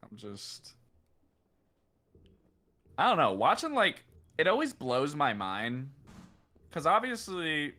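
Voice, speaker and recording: A man's voice: fairly high pitch, huge pitch swings, slow pace, pauses often, sharp tone. A former pro player, a man, co-casting a match and critiquing the teams in a rambling, filler-heavy way. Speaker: ex-pro co-caster. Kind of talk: casual game analysis.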